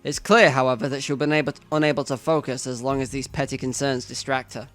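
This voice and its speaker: A man's voice: medium pitch, steady tone, quick pace, a bit bright, faint music behind. A man playing through a visual novel, reading the narration aloud in first person with asides to the viewer. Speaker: let's player.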